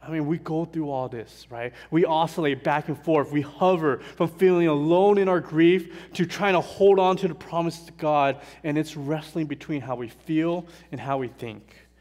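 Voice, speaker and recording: A man preaching a sermon in a church, earnest and emphatic, slowing down and falling soft on painful words. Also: on the high side. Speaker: pastor. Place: church sanctuary. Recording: long hall reverb.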